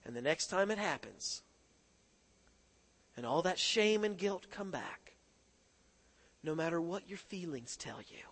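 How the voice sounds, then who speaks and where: High bright-voiced male preacher. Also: slightly rough. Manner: soft hushed praying, then rising impassioned preaching. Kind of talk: sermon with altar-call prayer.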